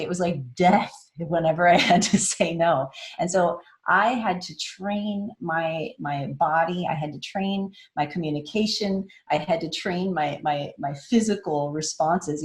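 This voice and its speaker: A woman with a fairly low voice gives a casual conference talk. She is chatty and laughs often, and when she quotes people she jumps her pitch up into little acted-out voices. The room is echoey. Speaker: conference speaker. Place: online meetup talk in a room.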